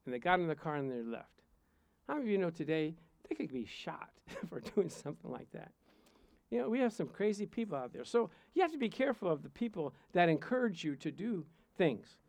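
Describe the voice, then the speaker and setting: A man's voice: a little high, very animated, brisk, a little mellow, dry recording. A man preaching a sermon, telling playful personal stories and chuckling between points. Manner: storytelling, playful, chuckles often. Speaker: pastor.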